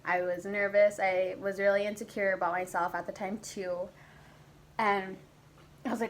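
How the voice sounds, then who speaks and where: Young woman, vlogger, casual storytime chat, mid pitch, animated, swears casually, home camera mic. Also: moderate pace, poor audio. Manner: animated, swearing, acts out her past self in high squeaky voices.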